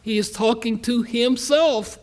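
A pastor preaching a sermon in a folksy, earnest way, slowing down to stress key lines and speeding through quick asides. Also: male voice, very high voice, a little mellow.

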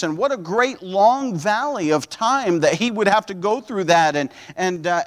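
A man's voice: sits high, a bit bright, long reverb tail. A man preaching a sermon as pastor, earnest and fervent, often repeating and restarting his words.

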